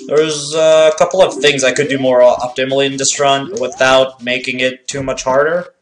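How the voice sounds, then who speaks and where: A man's voice: medium pitch, level tone, normal speed, faint music behind. A man from Canada with a French Canadian accent, chatting casually with viewers while streaming a game, laughing easily and stuttering a little. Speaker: speedrunner streamer. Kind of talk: casual live-stream chat while playing.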